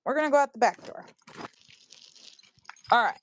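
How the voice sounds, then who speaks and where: A woman's voice: a little high, expressive, moderate pace, a bit bright, slight background noise. A middle-aged woman giving a casual walk-and-talk vlog tour of her backyard, chatting to her pets and animals. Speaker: vlogger.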